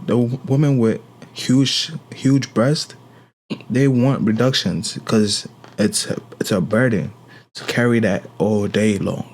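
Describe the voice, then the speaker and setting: A man's voice: fairly low pitch, a little mellow. A man giving casual reaction commentary, incredulous and questioning, often repeating himself.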